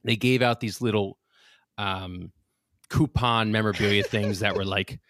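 A man's voice: lowish voice, fairly even intonation, moderate pace, a bit bright, a little hiss or hum. A young man casually telling rambling anecdotes on a podcast, with restarts and laughs. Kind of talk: casual storytelling chat.

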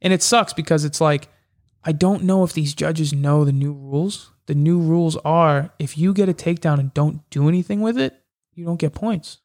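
A man's voice: a little high, normal speed. A young man, a mixed martial arts fighter, telling fight stories in a casual interview and acting out the exchanges. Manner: animated, acts out quoted exchanges. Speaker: MMA fighter guest.

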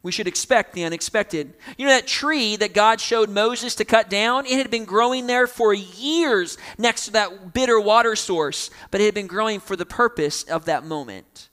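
A young man preaching a sermon, animated, acting out quoted voices along the way. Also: high voice, moderate pace, few pauses. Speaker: pastor.

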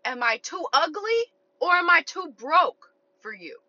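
A man's voice: extremely high pitch, very animated, unhurried, bright, forceful tone, dry recording, highs cut off, pitched above the performer's own voice, full character voice. A woman putting on the voice of a drunk, pushy man at a club, whiny and pleading.

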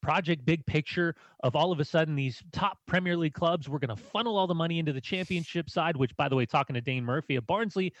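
An American man co-hosting a casual football podcast, relaxed and explanatory. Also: on the high side, quick pace, few pauses, dry recording, dull audio. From United States. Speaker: podcast co-host.

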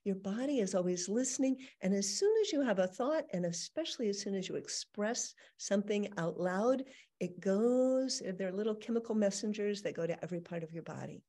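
A middle-aged woman healing coach giving a gentle, reflective teaching talk, sometimes acting out soft inner dialogue. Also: mid-range voice, expressive, fairly quick. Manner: gentle and warm-hearted, playfully acts out inner dialogue. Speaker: healing coach, podcast host.

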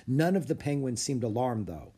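A man narrating a children's book aloud with expressive storytelling. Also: mid-range voice, normal speed, slightly rough. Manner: expressive, story-telling delivery. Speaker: audiobook narrator.

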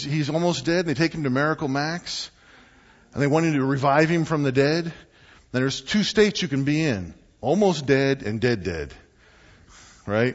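A man preaching a sermon to a congregation in a church, conversational and animated, often asking the listeners questions. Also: medium pitch, normal speed, dull audio. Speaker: pastor.

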